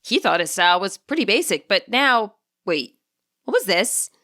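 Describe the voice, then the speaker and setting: Expressive woman narrating a story. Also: medium pitch, moderate pace. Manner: expressive, animated reading. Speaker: narrator and channel host.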